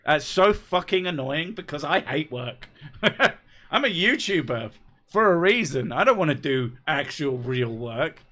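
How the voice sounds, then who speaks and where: A man's voice: on the high side, expressive, a little slow, bright, forceful tone. A man chatting casually on a live stream, reading out viewer messages; he is laid-back and sweary, and he laughs often. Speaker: YouTuber reading live chat.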